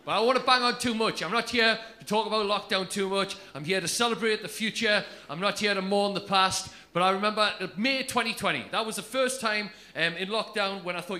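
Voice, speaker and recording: A man doing live stand-up, brash and sweary, telling stories quickly. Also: high voice, bright, forceful tone. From England. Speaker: stand-up comedian. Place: comedy club stage with laughing audience.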